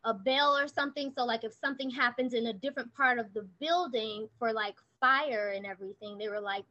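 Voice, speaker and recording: A woman's voice: fairly high pitch, fairly quick, hardly any pauses, bright, forceful tone, highs cut off. A woman in her thirties, a guest telling her story in a rambling, chatty way with many fillers. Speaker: guest, online preschool owner. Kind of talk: casual interview chat.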